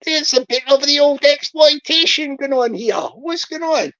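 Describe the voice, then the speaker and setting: A woman hosts a playful livestream, joking, repeating herself, laughing often, and greeting viewers by name. Her voice sits high and is a bit bright, at a moderate pace, with lo-fi sound.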